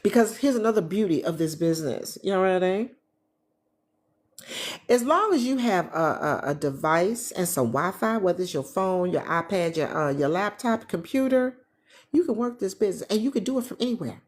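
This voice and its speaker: A retired woman hosting a casual livestream from her living room, chatting with viewers and reading their comments in a lively, animated way. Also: mid-range voice, moderate pace. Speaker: travel agent business coach, livestream host.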